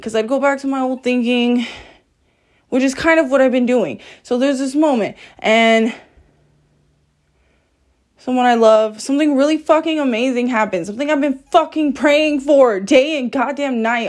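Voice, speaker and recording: A woman talks alone on her podcast in a frank, confessional way, with a voice a little on the high side. She swears freely and pokes fun at herself, breaking into laughs as she goes. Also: normal speed. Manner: profane, self-deprecating, laughs often. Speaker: podcast host. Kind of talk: candid solo podcast monologue.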